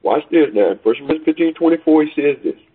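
A man preaching a sermon over a call, emphatic, swinging between loud peaks and quiet asides. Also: a little high, animated, fast talker, breathy edge. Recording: tinny phone line.

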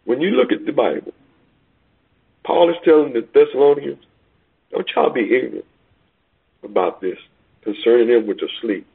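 Man preaching, gravelly husky voice, lively pitch, tinny phone line. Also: moderate pace, long pauses. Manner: emphatic, swings between loud peaks and quiet asides. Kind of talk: sermon over a phone call.

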